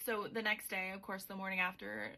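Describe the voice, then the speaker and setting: A woman's voice: medium pitch, little pitch movement, fairly quick, pushed and bright. A young woman hosting a podcast, recapping a book in a chatty, sweary way with sarcastic asides. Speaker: podcast host.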